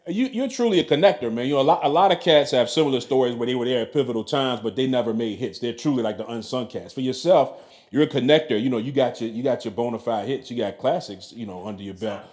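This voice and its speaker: A man's voice: mid-range voice, fast, darkish tone. A man interviewing a guest, asking questions in a casual, admiring way with slang. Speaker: interviewer, hip-hop historian.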